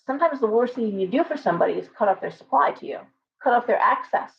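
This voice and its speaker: A woman chatting to viewers on her tarot livestream, lively and full of restarts and asides. Her voice sits a little high and comes through slightly dull and lo-fi, like a webcam stream. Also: fast talker, gravelly. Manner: animated, talks with lots of restarts and asides to viewers. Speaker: tarot reader and livestream host. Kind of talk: casual livestream chat. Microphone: webcam with ring light.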